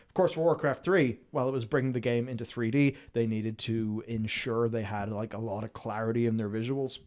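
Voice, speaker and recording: A man's voice: mid-range voice, darkish tone. A man co-hosting a casual live stream, explaining things at length and sarcastic, laughing easily. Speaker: co-host.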